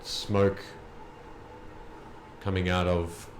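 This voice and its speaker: A man running a tabletop game as game master, narrating calmly and slowly. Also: low voice. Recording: echoey room with faint noise.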